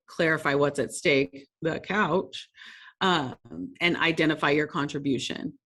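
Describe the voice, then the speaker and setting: A woman's voice: deep voice, normal speed, a bit bright. A woman presenting a workshop lesson, telling stories in a conversational, self-deprecating way and laughing often.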